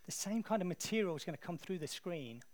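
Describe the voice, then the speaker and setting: An English man preaching a sermon in a conversational, animated storytelling way. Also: sits high, fast.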